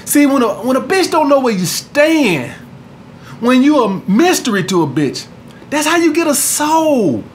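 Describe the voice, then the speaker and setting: Brief: fairly high-pitched man, coach ranting to camera, crude and blunt, soft hum in the background. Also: sing-song, a little slow. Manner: blunt and profane, keeps asking "all right?". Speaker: dating coach. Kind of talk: casual vlog monologue.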